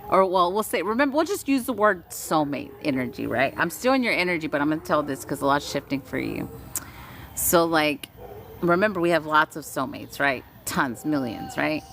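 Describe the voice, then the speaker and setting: A woman's voice: deep voice, big pitch swings, moderate pace, creaky, fairly bright tone. A woman from Texas, giving a casual spiritual energy reading on a live stream, soothing and chatty with frequent giggles. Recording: noisy background with passing vehicles.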